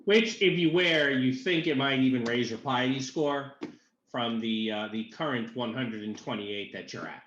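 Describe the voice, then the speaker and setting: A man narrating as game master of a tabletop game, halting with many fillers. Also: mid-range voice, fairly bright tone, slight background noise. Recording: echoey room, dull lo-fi sound.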